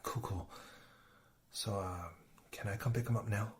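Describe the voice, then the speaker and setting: A man's voice: on the low side, fairly even intonation, a little slow, a little hiss or hum, lightly acted. A man playing a harried young dad who whispers secretively from his bathroom, in a whispered role-play for a short comedy film.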